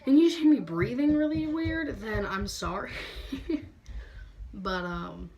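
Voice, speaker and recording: A woman's voice: a little high, animated, measured pace, lo-fi sound, a crowd in the background. Bubbly, sassy teen girl with a stuffy nose. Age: late teens. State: stuffy nose, breathing hard. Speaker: beauty vlogger. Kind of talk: casual room tour chat. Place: her bedroom.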